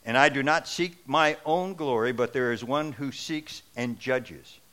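A preacher reading a calm, assured teacher. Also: male voice, medium pitch. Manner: calm, measured. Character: calm, assured male teacher answering critics.

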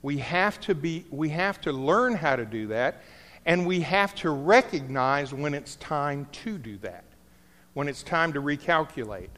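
A man's voice: fairly high pitch, expressive, measured pace, a bit bright. A middle-aged man preaching a sermon, telling a story with jokey asides. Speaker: pastor. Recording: large hall with long reverb.

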